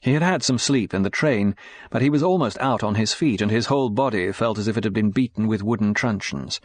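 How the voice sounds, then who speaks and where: Male audiobook narrator, lowish voice, steady reading, dry close mic. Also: brisk, no room sound. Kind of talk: scripted narration.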